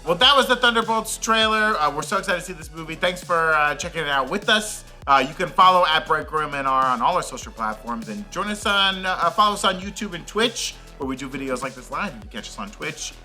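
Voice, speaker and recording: A man hosting a casual movie chat show, animated and laughing with his co-hosts before signing off. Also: a little high, a little fast, hardly any pauses, soft background music. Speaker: podcast host.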